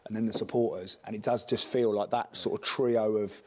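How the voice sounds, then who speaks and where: Husky low-voiced man in casual football chat. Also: steady tone, a little fast, dark tone. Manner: chatty, agreeable, lots of tag questions. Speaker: podcast co-host, ex-footballer.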